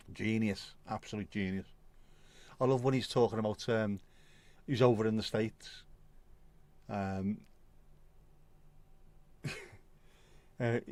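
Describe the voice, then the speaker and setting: A man's voice: mid-range voice, a little mellow, no echo. Sweary chatty man, dry sound. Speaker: livestream host. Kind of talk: casual chat reading viewer comments.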